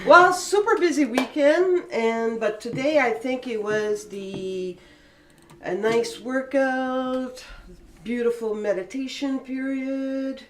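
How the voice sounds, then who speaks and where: A woman co-hosting a live trading chat, excitable and quick to laugh. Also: high-pitched, roomy sound.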